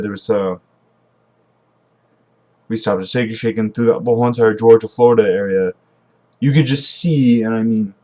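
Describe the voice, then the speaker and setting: A man's voice: medium pitch, a little mellow. A young man talking casually to camera in a rambling, meandering way, often restarting his sentences. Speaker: vlogger. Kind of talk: casual vlog monologue.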